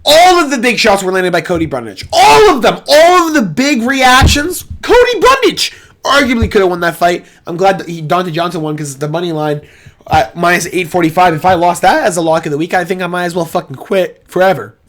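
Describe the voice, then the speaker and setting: A young man hosting a casual fight breakdown, profane and excitable, swinging from loud outbursts to low muttering. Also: a little fast. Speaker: MMA reaction host.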